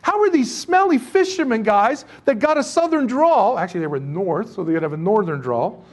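High-voiced man preaching a lively sermon. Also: moderate pace. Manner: animated, joking, asks rhetorical questions. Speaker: pastor. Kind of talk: sermon teaching to a congregation.

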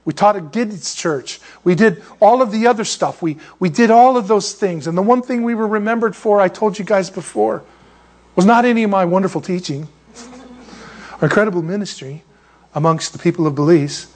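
A man preaching a sermon as a pastor, telling stories in an animated, joking way and laughing at his own asides. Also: high voice, moderate pace. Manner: animated, jokey storytelling with laughs.

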